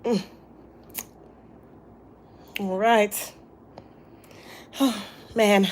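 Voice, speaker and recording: A woman's voice: a little high, normal speed, long pauses, slight background noise. Teasing woman host, slangy banter. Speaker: hair care channel host. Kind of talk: casual chat to viewers.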